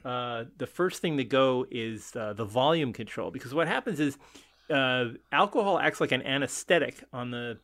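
A man's voice: mid-range voice, animated, moderate pace, a bit bright. A man co-hosting a podcast in casual chat, talking in a hesitant way with many fillers and repeats and frequent laughs. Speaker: podcast co-host.

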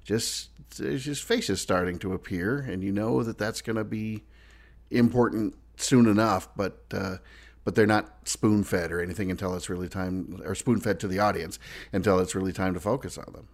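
A man with a fairly low voice, co-hosting a relaxed talk about a TV episode. He speaks in a thoughtful, measured way. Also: creaky. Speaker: podcast co-host. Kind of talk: casual discussion of an old TV episode.

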